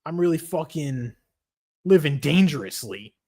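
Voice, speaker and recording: A man hosting a casual livestream chat, swearing a lot, getting excited and reading chat messages aloud. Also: on the high side, unhurried. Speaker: streamer.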